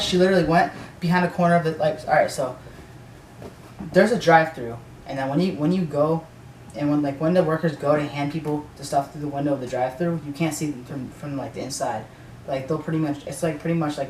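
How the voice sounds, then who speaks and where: A man's voice: on the high side, darkish tone. Guy ranting a storytime, cusses a lot, says like constantly, far off mic, faint hiss. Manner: rambling, profane, full of "like" and restarts. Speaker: vlogger telling a story. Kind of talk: casual storytime rant. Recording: echoey room, distant mic, faint noise.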